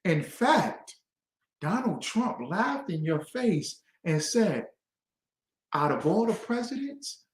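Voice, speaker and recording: A man hosting a talk show, ranting with passion and swinging from low muttering to outbursts of shouting. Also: very animated, slow pace, reverberant, rough recording. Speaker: host. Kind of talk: impassioned talk-show rant.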